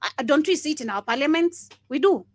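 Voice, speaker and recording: Blunt, high-voiced woman ranting. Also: lively intonation, fairly quick, no echo. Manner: blunt and swearing, with frequent laughs. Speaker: livestream host. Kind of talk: impassioned commentary.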